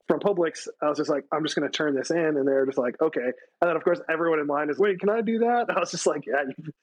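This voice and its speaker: Guest: husky retired soldier, casual and animated, jumps up in pitch to act out others. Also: male voice, very fast, low-quality recording. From United States. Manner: animated storytelling, acts out quotes with raised pitch. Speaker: guest, retired Army staff sergeant. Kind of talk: casual storytelling interview.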